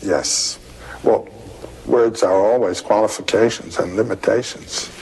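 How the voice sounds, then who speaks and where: Older male scholar, interview guest: husky, low-ish, very slow and reflective. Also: fairly even intonation, a little mellow, low-quality recording. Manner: slow and musing, intoning vowel sounds.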